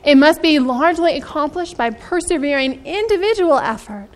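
An earnest woman delivers a sermon in a high voice. She often turns to her listeners with direct questions. When she reaches scripture, her pace slows for emphasis. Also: expressive. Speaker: preacher.

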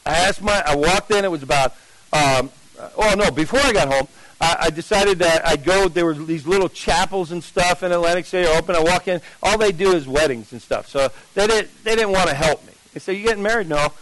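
A man telling his testimony to an audience, conversational and animated, acting out the dialogue with big swings in his voice. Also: fairly high pitch, a little fast, no room sound, low-quality recording. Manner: conversational, with fillers and restarts. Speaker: speaker giving a testimony to an audience. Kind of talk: storytelling testimony.

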